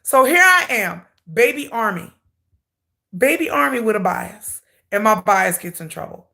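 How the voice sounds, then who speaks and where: Woman host, livestream rant, dramatic and salty; higher voice with gravel. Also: measured pace. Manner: animated, dramatic storytelling with salty humor. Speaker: K-pop YouTube channel host.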